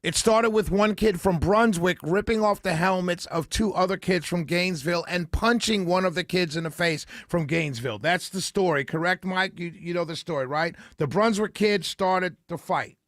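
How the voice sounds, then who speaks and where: Speaking into a studio microphone with no room sound, a high-voiced man hosts a talk radio show. He moves at a moderate pace with hardly any pauses, giving emphatic, opinionated views and working them out as he talks.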